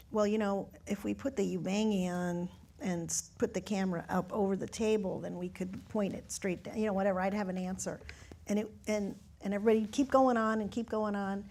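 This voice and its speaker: A woman of middle pitch tells a story from her camera crew days in a matter-of-fact, wry way. A faint hiss sits under her voice. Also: darkish tone. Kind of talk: panel discussion anecdote.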